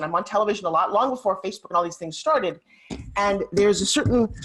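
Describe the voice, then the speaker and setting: A woman in her fifties, a motivational speaker, telling stories in an animated, emphatic way as an interview guest. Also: mid-range voice. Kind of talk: interview storytelling.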